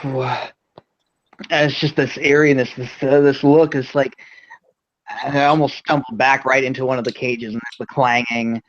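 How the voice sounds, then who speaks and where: A man's voice: medium pitch, level tone, normal speed, lo-fi sound. A man playing a tabletop game, rambling in the first person about what his character does. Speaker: player.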